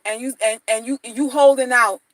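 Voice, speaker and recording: Blunt high-voiced woman vlogger. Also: fairly even intonation, moderate pace, slight background noise, poor audio. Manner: blunt, slangy, repetitive, mocking. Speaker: dating advice vlogger. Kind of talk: casual monologue to viewers.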